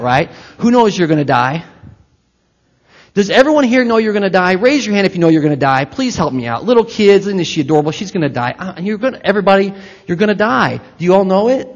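A man preaching a sermon to his congregation, talking conversationally with asides and direct questions to the listeners. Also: fairly high pitch. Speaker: pastor. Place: church hall with congregation. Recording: echoey hall, slightly dull sound.

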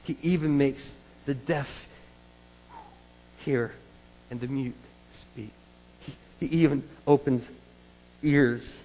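Animated male pastor in a reverberant hall. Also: mid-range voice, slow pace, long pauses. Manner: animated, conversational, swings from loud to hushed. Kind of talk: sermon.

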